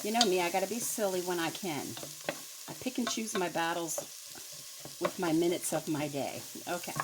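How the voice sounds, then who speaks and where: With a fairly low voice at a moderate pace, this middle-aged cooking host gives a jokey, down-home demonstration, teasing herself along the way. The background is noisy, and a gentle frying sizzle comes through.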